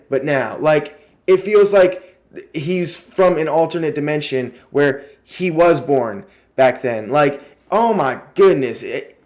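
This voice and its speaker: A young man in a casual review vlog, excitable and rambling, who swears freely and gushes in spurts. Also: on the high side. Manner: lots of fillers and restarts in a gushing delivery.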